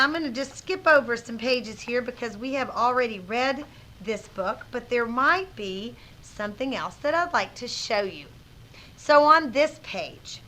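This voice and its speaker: A woman teacher leads a reading lesson for young children, reading a storybook aloud with expressive, dramatic pauses. Her voice is bright and somewhat high. She speaks slowly and deliberately.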